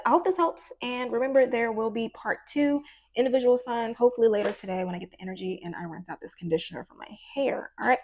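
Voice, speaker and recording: A woman's voice: fairly high pitch, darkish tone, muffled recording. A woman giving a casual tarot reading who talks in a chatty, meandering way and encourages the listener. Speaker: tarot reader and life coach.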